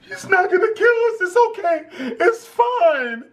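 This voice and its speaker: Male storyteller as a frightened, crying young woman; high, tearful, pleading read. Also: sing-song, a little slow, heavily acted.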